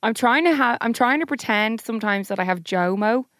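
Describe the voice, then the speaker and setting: A woman's voice: on the high side, expressive, a little fast, a bit bright, no room sound, clean studio sound. A young Irish woman co-hosting a podcast, joking playfully in an easygoing, casual chat. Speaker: podcast co-host.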